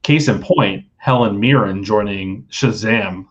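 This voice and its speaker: A man's voice: on the low side, takes it slowly, muffled recording. A man hosting a casual online trivia night, reading out questions and chatting loosely between them. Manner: easygoing, reads questions and jokes between them. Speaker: trivia quiz host. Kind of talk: casual live trivia stream.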